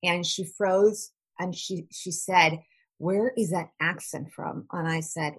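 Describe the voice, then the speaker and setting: Slow and steady in tone, a woman with a husky, lowish voice speaks as a guest interviewee, a trauma recovery practitioner. She is earnest and plain-spoken, frequently repeating words while she looks for the right phrase.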